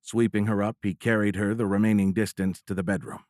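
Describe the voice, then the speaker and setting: A man narrating a military science fiction audiobook in a steady, measured storytelling voice. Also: lowish voice, no echo, clean studio sound.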